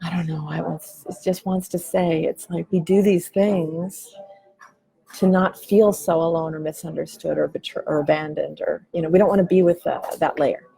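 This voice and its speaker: A woman's voice: deep voice, steady tone, normal speed, creaky, mellow, slightly rough, poor audio. A woman in her forties talking candidly in a coffee shop, musing loosely and swearing casually as a podcast host. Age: 40s. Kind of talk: candid reflective chat.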